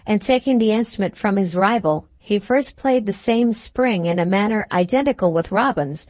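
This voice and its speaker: A woman narrates a classic novel as an audiobook, reading at a steady, measured pace. Her voice sits at a middle pitch for a woman. The recording is close and dry, with no room echo.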